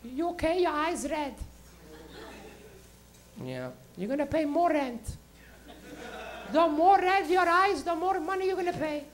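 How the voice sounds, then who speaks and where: A man's voice: very high-pitched, big pitch swings, measured pace, long pauses, voice pushed up, exaggerated voice. A man voicing a middle-aged mother who needles and teases her stoner son in a sing-song way. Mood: teasing. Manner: sing-song needling calls of his name.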